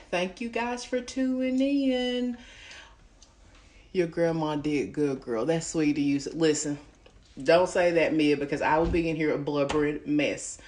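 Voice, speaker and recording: A woman hosting a home cooking livestream from her kitchen, chatting in a folksy way and calling her listeners honey. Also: sits low. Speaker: home cooking show host. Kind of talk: casual livestream chat.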